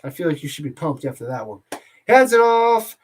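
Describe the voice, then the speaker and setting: Guy doing goofy play-by-play at a watch party, rambling jokes, yelling on the big catches. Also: a little high, fairly quick, slight background noise. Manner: jokey and excitable, rambles between plays; shouts on big plays. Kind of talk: casual play-by-play commentary.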